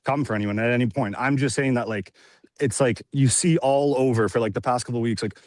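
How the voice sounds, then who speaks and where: A man's voice: mid-range voice, fairly quick, a little mellow, dry recording. A man calling in on a video call, debating earnestly with lots of filler words and hedges. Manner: earnest, hedging with many fillers. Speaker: caller.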